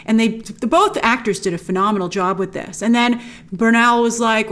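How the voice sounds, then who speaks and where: A woman hosting a casual spoken film review, animated and emphatic, with frequent restarts. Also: mid-range voice, brisk. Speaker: movie review host.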